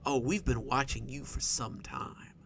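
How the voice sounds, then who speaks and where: Man voicing a sinister uncanny stranger, raspy half-whisper, wheezing, smug and taunting, horror story reading. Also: medium pitch, a little slow, a bit bright, a little hiss or hum. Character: sly menacing uncanny male stranger.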